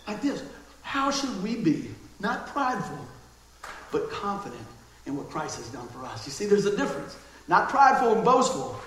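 A man preaching a sermon, lively and folksy, tossing in amens and homey stories. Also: high-pitched, very echoey, slight background noise, rough recording. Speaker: pastor.

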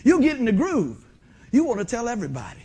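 Middle-aged man pastor, folksy and animated, raspy high-pitched delivery. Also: fast. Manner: animated, folksy, asks the congregation questions. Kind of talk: sermon. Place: church sanctuary.

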